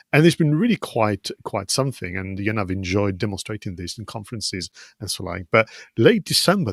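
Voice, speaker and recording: A man's voice: fairly low pitch, vocal fry, dry recording, clean studio sound. A man hosting a business podcast, presenting segments in an upbeat, chatty way with some hesitations. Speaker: podcast host. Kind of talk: casual podcast chat.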